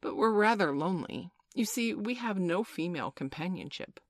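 A cocky, merry young boy, as a woman reader puts him on, bragging in a raised, bouncy storybook voice. His pitch leaps about eagerly from word to word. The sound is dry and close. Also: normal speed, no room sound. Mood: boastful. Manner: bright boyish storybook voice, lively and proud.

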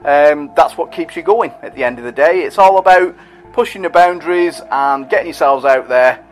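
A man's voice: fairly high pitch, normal speed, faint music behind. A middle-aged man who hosts a podcast and reads out listener messages in a chatty, rambling, self-deprecating way. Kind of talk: casual monologue.

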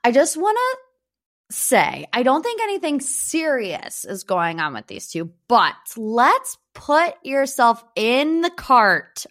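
A woman's voice: lowish voice, creaky, a bit bright. Chatty gossip-podcast host, a woman. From Northeast Ohio. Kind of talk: casual pop-culture chat.

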